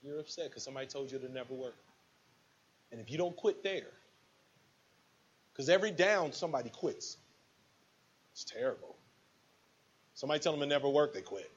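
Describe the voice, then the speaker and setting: A man's voice: mid-range voice, lively intonation, brisk, pauses often, highs cut off, a little hiss or hum. A man giving a preachy motivational speech to a live audience, acting out little scenes with quoted voices. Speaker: motivational speaker at a business event.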